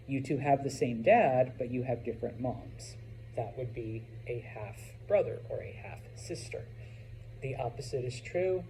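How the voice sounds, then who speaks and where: Chatty male Spanish teacher, mellow voice. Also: medium pitch, a little hiss or hum, rough recording. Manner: chatty, joking asides with many okays. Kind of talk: classroom lesson.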